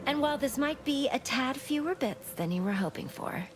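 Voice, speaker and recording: A woman voicing a smooth, sly black market contact in a video game, speaking in a genteel, hushed manner. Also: sits high, animated, normal speed, background noise.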